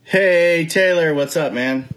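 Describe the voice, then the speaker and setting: A man in his thirties co-hosting a podcast, telling family stories in a lively, casual chat. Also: on the high side, takes it slowly, very noisy. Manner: chatty, animated storyteller. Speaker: podcast co-host.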